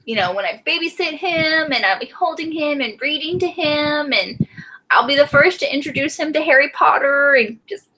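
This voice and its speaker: A woman's voice: sits high, lively intonation, normal speed, sharp tone, rough recording. A woman co-hosting a book club live stream, talking in a gushing, emotional way and laughing often. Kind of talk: casual live stream chat.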